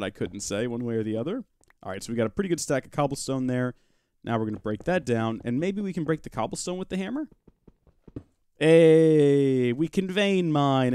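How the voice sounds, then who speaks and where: This man has a medium-pitched voice that is dark, clear and resonant. As a gaming livestream host, he gives live let's-play commentary on a Minecraft modpack, chatting casually with viewers as he plays. He's chatty, drops joking asides, and talks to his chat as well as his in-game pet rock.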